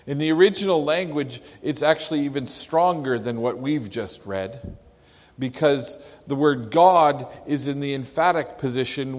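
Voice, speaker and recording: A pastor preaching a sermon, slow and emphatic, leaning hard on key words. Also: male voice, fairly high pitch. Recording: long hall reverb.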